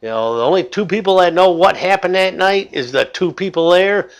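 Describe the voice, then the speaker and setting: A man's voice: high voice, expressive, a little fast. An older man giving rambling, argumentative commentary in his own vlog. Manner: rambling, argumentative, acts out yelling. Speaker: vlogger. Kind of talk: opinionated commentary.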